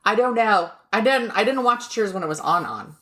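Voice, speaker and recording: A woman's voice: medium pitch, animated, normal speed, bright, forceful tone. A woman co-hosting a podcast from the United States, telling a story in a casual, joking way, cursing now and then. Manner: chatty, laughing, swears casually, jokes about pronunciation. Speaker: podcast co-host.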